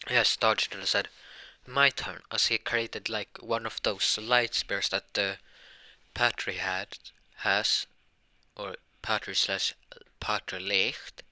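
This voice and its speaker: A man's voice: fairly low pitch, little pitch movement, slow pace, pushed and bright, dry recording. A man improvising a fan fiction story, rambling with many fillers and restarts.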